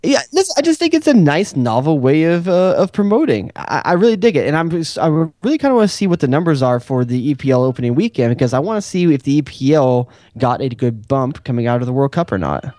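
Wry, teasing American man, fairly high voice. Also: very animated, dark tone, dry recording, studio quality. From United States. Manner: wry, teasing, quick quips. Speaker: podcast co-host. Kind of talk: casual soccer chat.

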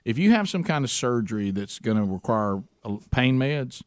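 A man hosting a casual group chat, animated and acting out little dialogues as he tells a story, with lots of restarts. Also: medium pitch, normal speed, no room sound, studio quality.

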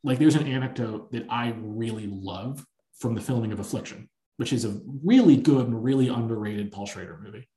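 A man's voice: mid-range voice, brisk. Man talking films in an echoey room. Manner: animated, long-winded anecdote telling. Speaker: podcast host. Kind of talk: casual film-discussion chat.

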